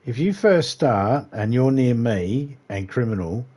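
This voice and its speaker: A man's voice: mid-range voice, animated, measured pace, mellow. A man with an Australian accent chatting casually as he livestreams a game, rambling and laid-back, swearing now and then. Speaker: gaming livestreamer. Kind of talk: casual gameplay commentary.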